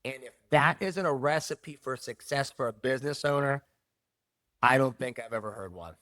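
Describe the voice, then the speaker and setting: A middle-aged man, a jiu-jitsu academy owner, talking in a casual interview with emphatic, animated delivery and repeated key phrases. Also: medium pitch, moderate pace, no room sound, studio quality.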